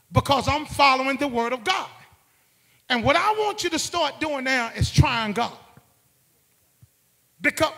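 A man preaching a call-and-response sermon, swinging from quiet asides to shouted exhortations. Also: very high-pitched, long reverb tail. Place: church sanctuary.

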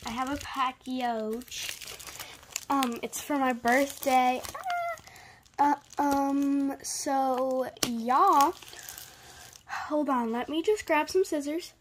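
A young girl unboxing a birthday toy in a casual vlog, gushing with excitement and using trendy slang. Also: high voice, takes it slowly, noisy background.

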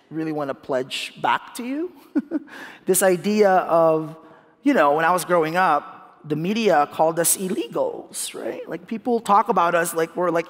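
A man in his thirties from the Philippines speaks in a lively onstage interview, laughing often and restarting with repeated words. His voice sits fairly high for a man. The sound carries a long reverb from a large hall. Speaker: guest speaker.

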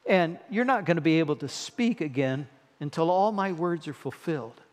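A man's voice: a little high, lively intonation, normal speed, lightly acted. A man voicing a solemn, stern male angel delivering a rebuke. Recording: long reverb in a church hall.

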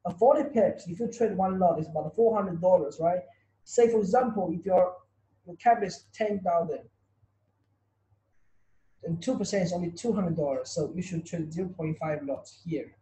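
A man's voice: sits high, moderate pace, mellow. A man teaching a trading webinar, repeating himself and asking his students rhetorical questions. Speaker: trading tutor. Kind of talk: online webinar lesson. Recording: roomy echo.

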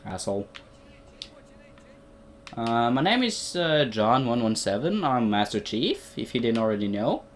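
Young guy doing gameplay commentary, put-on aussie accent, chatting at the game characters, really lively pitch. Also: moderate pace, few pauses, a little hiss or hum. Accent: put-on Australian. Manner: rambling, playful, talks to the game characters. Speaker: gaming video host.

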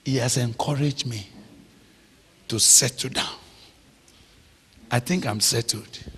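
A man preaching a sermon, slow and emphatic, drawing out phrases and checking in with the audience. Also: medium pitch, a bit bright, slightly rough. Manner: slow, emphatic, drawn-out phrases with call-and-response questions. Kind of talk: sermon teaching. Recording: long hall reverb.

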